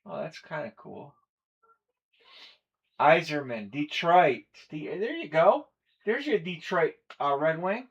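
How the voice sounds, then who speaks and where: A man's voice: on the high side, lively intonation, slow pace, gravelly, long pauses, husky, lo-fi sound. A man hosting a live collectibles stream, chatting casually and running through a list of players and teams. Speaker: stream host. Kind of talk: live breaking stream chat.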